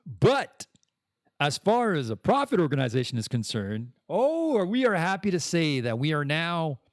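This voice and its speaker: A man from Canada talks through a casual podcast monologue in a fairly high voice. He rambles, pokes fun at himself, and jumps up and down in pitch. The sound is dry and close to the mic. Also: a little fast, no room sound. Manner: rambling, self-deprecating, animated swings in pitch. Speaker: podcast host.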